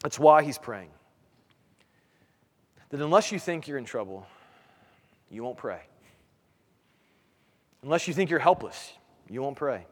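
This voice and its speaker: A man's voice: mid-range voice, big pitch swings, measured pace, pauses often, in a large hall. A man in his thirties, a pastor, preaching a sermon in a conversational way, full of rhetorical questions.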